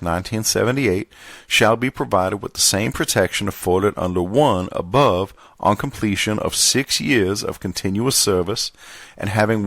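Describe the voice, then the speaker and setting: A low, gravelly Southern gentleman, as a man puts him on, reads dense legal clauses in a measured, formal way. The voice sits close and dry, with no room around it. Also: dry recording, full character voice. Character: genteel Southern gentleman reading legal text. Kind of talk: reading a contract manual aloud.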